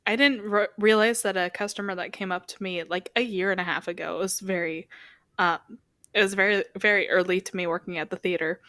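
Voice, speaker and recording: A woman's voice: medium pitch, steady tone, pushed and bright, dry recording. Giggly young woman, dry close sound. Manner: giggly, storytelling, quick bursts of laughter. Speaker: podcast co-host. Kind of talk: casual chat.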